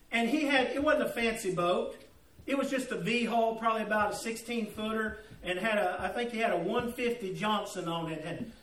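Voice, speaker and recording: A man's voice: high voice, far from the mic. A man preaching, telling a folksy, humorous story and calling on listeners by name. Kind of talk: storytelling sermon. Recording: echoey room, voice off-mic.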